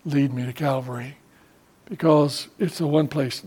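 Fervent male preacher, higher voice. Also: fairly even intonation, unhurried, mellow, husky. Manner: fervent preaching with rhetorical questions and scripture quotes; frequent hesitations and restarts. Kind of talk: sermon.

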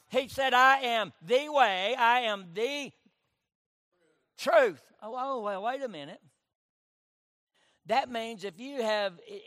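High pitched pastor guy preaching, dry mic, says amen a lot, gets loud then quiet. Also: no room sound. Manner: preaching with call-and-response amens, swinging from loud to hushed. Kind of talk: sermon.

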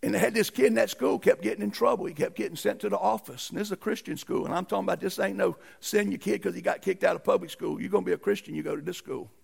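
Male pastor, folksy emphatic sermon, high gravelly voice. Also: fast talker, hardly any pauses, darkish tone. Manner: folksy, emphatic preaching with rising outbursts.

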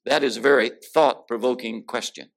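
A man's voice: medium pitch, fairly even intonation, normal speed, creaky. A man preaching a sermon, mixing folksy jokes with scripture readings in a prayerful, homespun manner. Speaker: guest preacher.

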